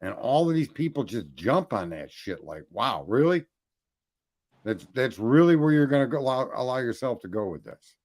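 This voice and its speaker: A man's voice: medium pitch, sing-song, brisk, hardly any pauses, darkish tone. A man co-hosting a casual political chat, rambling, swearing often and restarting his sentences. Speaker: podcast co-host.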